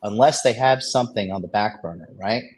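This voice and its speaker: A man's voice: on the low side, a little fast, husky. A man casually telling a story in a men's dating discussion, boastful and profane, rambling with plenty of fillers and restarts. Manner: boastful, swears freely.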